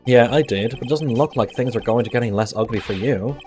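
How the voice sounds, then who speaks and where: A man's voice: medium pitch, quick pace, a little mellow, faint music behind, close to an everyday voice. A man voicing a nervous young man who keeps insisting he is the thief, stammering and eager. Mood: eager confessing.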